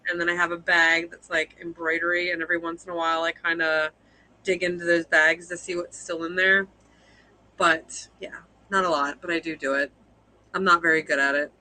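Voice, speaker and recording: A woman's voice: fairly low pitch, level tone, a little fast, bright, forceful tone, low-quality recording. A young woman, a fiber artist guest, chatting casually on a live video call, rambling and self-deprecating with frequent laughs.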